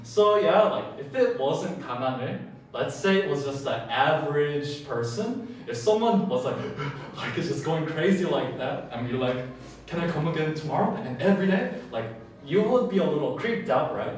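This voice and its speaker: A man's voice: on the high side, very animated, moderate pace. A man casually recapping a drama scene, full of fillers and acting out the characters' lines. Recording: very echoey room, from a distance.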